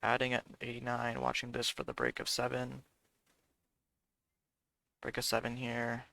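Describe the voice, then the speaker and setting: A man's voice: medium pitch, very animated, a little slow, creaky, bright, forceful tone, dry recording. A man giving live commentary on his own day trading, muttering prices and cursing when trades go wrong.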